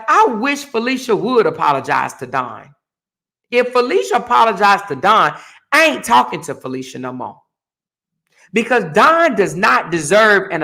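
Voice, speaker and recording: Lady going off on her live stream, bright edgy voice, cussing and repeating herself. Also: mid-range voice, gravelly. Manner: heated, blunt, profane, repeats her points. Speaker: livestream host. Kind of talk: casual livestream rant.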